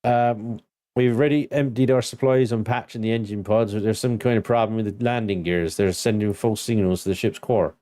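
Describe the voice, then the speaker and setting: A man's voice: on the low side, steady tone, a little fast, warm tone, no echo, natural voice. Guy reading out grumpy tired ship captain, west country drawl, blunt. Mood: weary. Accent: West Country English put-on. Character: gruff male ship captain, weary and curt.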